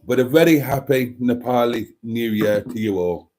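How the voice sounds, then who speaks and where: A man's voice: medium pitch, moderate pace, darkish tone. An older Welsh man hosting a casual live stream, theatrical and chatty, calling his viewers darlings. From Wales. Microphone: microphone and tablet.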